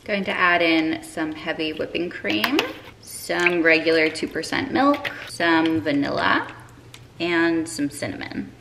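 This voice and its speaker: She has a slightly low voice and a casual, encouraging way of talking to her viewers. The faint hiss of a home recording sits behind her. She is a young woman cooking in her kitchen. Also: lively intonation, slow, roomy sound. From Quebec, Canada. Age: 20s. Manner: upbeat, encouraging, playful asides. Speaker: eating disorder recovery coach and vlogger. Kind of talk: casual cooking vlog talk to camera.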